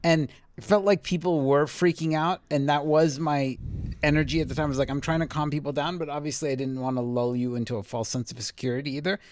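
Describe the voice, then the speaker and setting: A man who works as a TV writer, a guest on a podcast in a living room, talking in a reflective, measured way. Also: a little high, steady tone, darkish tone. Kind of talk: casual chat.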